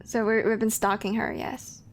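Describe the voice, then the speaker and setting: A woman's voice: a little high, flat delivery, moderate pace, slight background noise. A woman streaming a video game, chatting casually, bluntly and self-deprecatingly, swearing often. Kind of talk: casual gameplay commentary. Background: game music.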